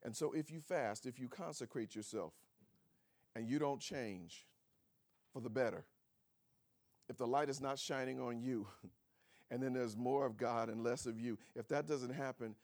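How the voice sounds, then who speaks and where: In an unhurried, mid-range voice, a man delivers a sermon that swings from soft tones to shouting. He asks rhetorical questions, calls for amens, and chuckles between his points.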